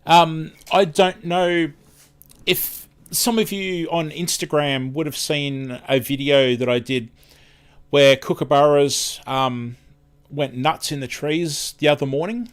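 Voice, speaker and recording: A man's voice: fairly high pitch, fairly even intonation, takes it slowly, clear, resonant tone. Rambling Australian man chatting on a live stream. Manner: rambling, chatty, loses his words and restarts. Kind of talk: casual live-stream chat.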